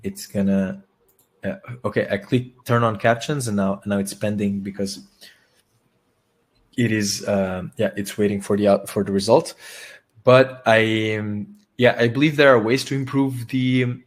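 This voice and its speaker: A man hosting a live webinar, talking casually and haltingly with many restarts while he demonstrates software on screen. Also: lowish voice, steady tone. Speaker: webinar host.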